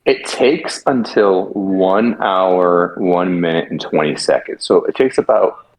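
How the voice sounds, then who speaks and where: Brief: man, podcast co-host, lowish voice, wry and hesitant, casual chat. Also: slow pace, a little hiss or hum, rough recording. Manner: wry, hesitant, many fillers.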